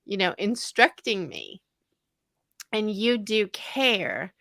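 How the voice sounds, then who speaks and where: An enthusiastic woman hosts a conference panel, laughing often and getting emotional as she praises her guest. Her voice is bright and forceful. The recording is close and dry. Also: medium pitch, big pitch swings, takes it slowly, vocal fry, dry recording.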